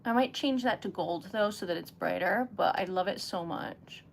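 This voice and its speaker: Her crafting livestream features wax seal stickers, and the young woman hosting it chats away, giggles, makes self-deprecating remarks, and gushes excitedly over her work. Her voice has medium pitch and normal speed, with a little hiss or hum.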